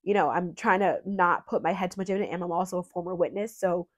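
A woman's voice: fairly low pitch, fast. A woman hosting a true crime channel, talking earnestly and with emotion, at times holding back tears and rambling with fillers.

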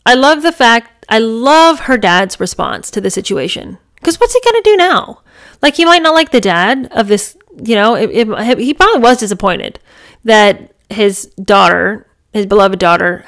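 A woman's voice: mid-range voice, normal speed, fairly bright tone. A woman reading a memoir aloud and breaking off into chatty, enthusiastic commentary full of "you know" and "I mean". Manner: chatty, enthusiastic, many fillers. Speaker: book reader and reviewer.

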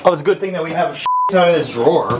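A young man co-hosts a comedy show, bantering goofily, singing silly jingles, and reading fan questions aloud. His voice is fairly high with lively intonation, and he talks rapid-fire on a very noisy recording.

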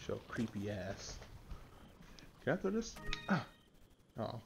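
A man giving let's-play commentary on a horror game, excitable and swearing, yelling at his companion character. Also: on the low side, slow, creaky, over music. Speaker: gamer playing a VR horror game.

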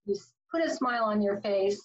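A woman's voice: medium pitch, a little fast. A woman life coach giving an upbeat, playful motivational talk to camera. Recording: slightly distant, dull sound.

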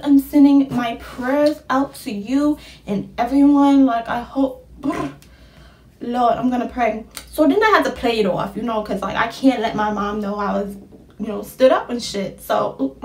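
A young woman telling a casual storytime tale, slangy and animated, jumping into high excited bursts when she quotes people. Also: reverberant, recorded from a distance.

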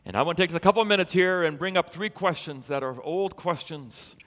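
A man preaching a sermon as a pastor, telling a story in an animated way and building to emphatic peaks. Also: a little high, brisk, long reverb tail.

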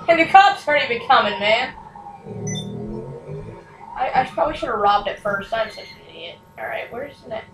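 A woman's voice: fairly high pitch, animated, normal speed, pauses often, fairly bright tone. A woman hosting casual gameplay commentary, chatty and self-mocking, who often laughs at her own mistakes. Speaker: gaming channel host. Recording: echoey room, distant mic, noisy.

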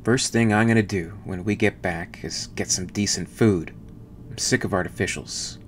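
A man with a low voice voicing a dazed, starving male spaceship crewman in an audiobook-style reading. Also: moderate pace, a little hiss or hum, close to an everyday voice. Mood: puzzled hungry.

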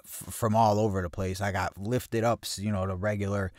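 A man telling a rough story in a blunt, streetwise way, swearing heavily and acting out the voices of the people in it. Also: lowish voice, brisk, no room sound, clean studio sound. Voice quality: heavy swearing, acts out quoted voices loudly. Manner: blunt, streetwise, animated retelling. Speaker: podcast host telling a personal story. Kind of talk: casual storytelling monologue.

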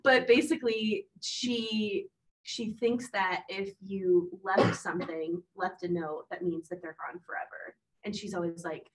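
A woman's voice: on the low side, moderate pace, distant mic, rough recording. A woman co-hosting a podcast, chatting casually and telling a story with lots of laughter. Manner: animated storyteller, laughs often. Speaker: podcast co-host. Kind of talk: casual chat.

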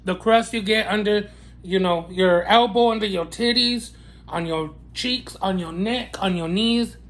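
A man reviewing fast food in a mukbang eating vlog, talking in a sassy, playful way and savoring each bite with frequent mm and wow sounds. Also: sits high, fairly bright tone. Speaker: food vlogger.

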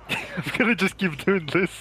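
A young-sounding man playing a video game with a friend, his voice a little high and very lively. He teases, swears freely and breaks into laughter between lines. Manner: teasing, laughs often, swears. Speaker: game player. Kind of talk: casual gaming chat.

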